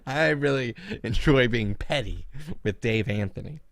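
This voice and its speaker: Male podcast host, lively pitch, often laughing, dry close mic. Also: unhurried, creaky, no echo. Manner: laughs often, excitable and mocking. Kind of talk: casual podcast chat. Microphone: podcast mic with cord.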